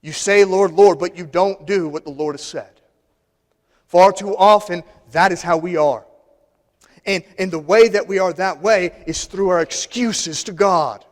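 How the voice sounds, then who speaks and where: A man's voice: sits high, measured pace. A man preaching a sermon in a church, emphatic and repeating phrases for stress. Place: church sanctuary. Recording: long hall reverb.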